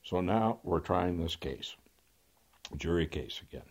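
Older male lawyer, raconteur, deep husky voice, dry wit, throat-clearing. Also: animated, unhurried. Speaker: trial lawyer. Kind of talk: anecdotal storytelling.

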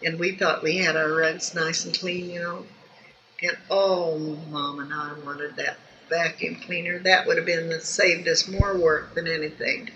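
An older woman reminisces in a loose, folksy way and often stops to restart her sentences. She sits some distance from the microphone in an echoey room. The recording is dull and carries steady background noise. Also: fairly low pitch, unhurried. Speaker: interviewee. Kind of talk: oral history storytelling.

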